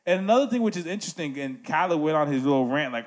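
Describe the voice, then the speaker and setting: A man's voice: a little high, expressive, quick pace. A man hosting a casual music podcast, talking animatedly and checking in with "right?" asides.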